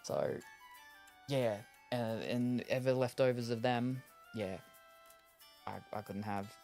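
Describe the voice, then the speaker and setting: A man's voice: mid-range voice, steady tone, takes it slowly, darkish tone, soft background music. A man streaming a game, chatting casually and thinking aloud, with lots of fillers and restarts. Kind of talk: casual chat while gaming.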